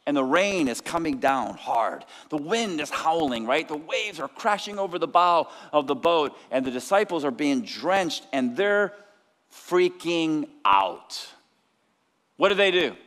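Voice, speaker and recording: Energetic preacher in an echoing hall. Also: male voice, a little high, measured pace. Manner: energetic preaching, acts out disciples' cries. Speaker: pastor. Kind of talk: sermon. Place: church sanctuary. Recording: long church hall reverb.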